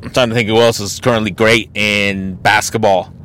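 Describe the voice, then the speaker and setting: A man's voice: lowish voice, level tone, normal speed, a bit bright, clear, resonant tone. A man hosting a casual solo podcast, ranting bluntly and mockingly with plenty of swearing. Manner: mocking and exasperated. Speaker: podcast host.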